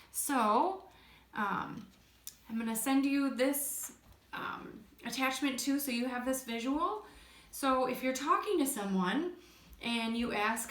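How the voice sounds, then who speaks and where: A middle-aged woman speech therapist giving a recorded lesson to children, gently modeling phrases in an exaggerated sing-song way. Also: high-pitched. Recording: echoey room.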